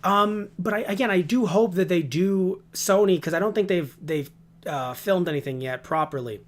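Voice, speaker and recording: A man's voice: sits high, moderate pace. Ranting, foul-mouthed male podcast host. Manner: rambling, heavy swearing, animated ranting. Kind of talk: casual podcast chat.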